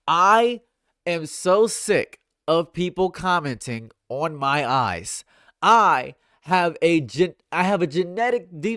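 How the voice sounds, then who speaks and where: A man on a livestream, ranting in a sarcastic, repetitive way. His voice sits a little high. The sound is dry and close on a USB condenser mic at home. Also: a bit bright, no echo. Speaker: streamer. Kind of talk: livestream commentary. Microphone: condenser USB microphone.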